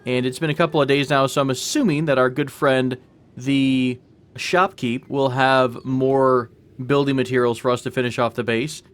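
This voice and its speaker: A man's voice: medium pitch, level tone, moderate pace, smooth. A man hosting a let's play, chatting casually and playfully to viewers while he plays. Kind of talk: casual gameplay commentary.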